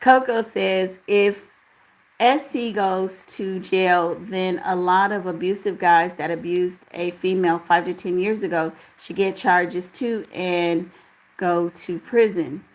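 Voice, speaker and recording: A woman hosting a casual live chat, reading out viewer comments and answering them in a relaxed, talkative way. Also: fairly low pitch, slow, poor audio. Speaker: livestream host reading chat.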